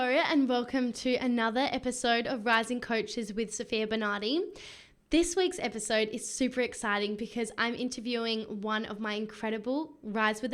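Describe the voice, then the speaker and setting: Gushing Australian woman podcast host. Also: on the high side. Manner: gushing, enthusiastic. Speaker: podcast host and business coach. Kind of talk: podcast monologue.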